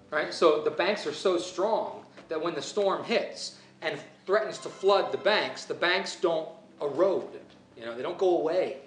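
A man's voice: fairly high pitch, a little hiss or hum. Conversational male pastor in an echoey room. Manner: conversational, musing, self-correcting. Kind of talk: sermon.

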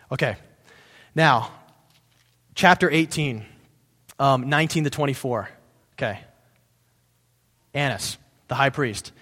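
A man of middle pitch preaches a relaxed sermon, reading a passage and then talking it through in plain, chatty language. He stops to correct himself and check in with his listeners. His voice rings out with a long reverb, as in a large hall. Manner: conversational, breaks off to explain, corrects himself. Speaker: pastor. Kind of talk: casual sermon reading and explaining scripture.

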